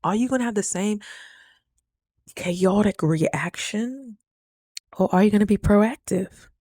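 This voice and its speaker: Animated chatty woman vlogging, dry sound. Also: mid-range voice, measured pace, dry recording. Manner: chatty, animated, addresses viewers as girl. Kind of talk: casual storytime vlog.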